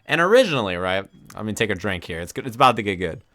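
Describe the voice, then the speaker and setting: A man's voice: fairly low pitch, slight background noise. A man streaming from his desk, retelling a tournament story in casual commentary and acting out the crowd's reactions. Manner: animated, acts out crowd reactions with quick asides.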